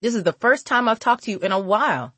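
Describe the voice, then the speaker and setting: A woman's voice: medium pitch, lively intonation, fast, a bit bright, breathy edge, dry recording, pitched above the performer's own voice. A woman reading the part of a troubled young woman who sounds emotional and defensive. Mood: irritated.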